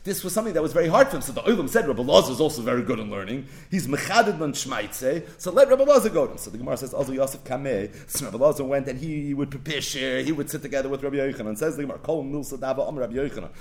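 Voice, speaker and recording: A man's voice: medium pitch, animated, rapid-fire, hardly any pauses. A man teaching a Talmud class, mixing Aramaic and Hebrew terms into English and acting out the rabbis' voices in a sing-song learning cadence.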